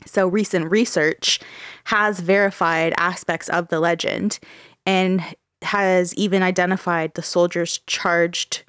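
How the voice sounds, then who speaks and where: A woman's voice: fairly low pitch, flat delivery, takes it slowly, fairly bright tone, smooth, no room sound, clean studio sound. A woman from Ontario hosting a casual podcast, telling a ghost story with frequent laughs and swearing. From Ontario, Canada. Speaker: podcast host.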